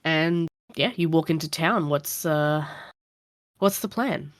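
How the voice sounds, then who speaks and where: A woman game master narrates a tabletop game in a casual, rambling manner. Her voice sits low, and the recording is dry and close with no room sound. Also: takes it slowly, dry recording.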